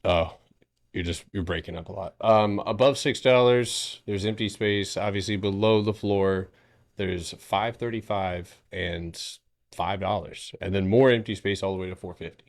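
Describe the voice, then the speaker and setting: Deep-voiced man breaking down stock charts. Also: steady tone, moderate pace. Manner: loose, joking, swears casually. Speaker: stock trading stream host. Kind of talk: casual market analysis on a livestream.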